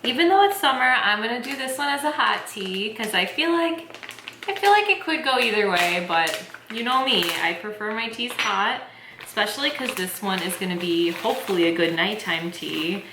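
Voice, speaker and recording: A young adult woman chatting excitedly to camera as a tea vlogger, filling her talk with "like". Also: mid-range voice, moderate pace, roomy sound, noisy background. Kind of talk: casual chat to camera.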